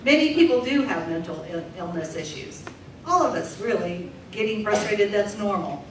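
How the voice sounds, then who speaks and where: A woman interpreting a deaf comedian's stand-up set aloud for a live audience, in a lively, animated way. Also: mid-range voice, normal speed, slight background noise. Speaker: sign language interpreter voicing a deaf comedian. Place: large room with a live audience. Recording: echoey distant room recording.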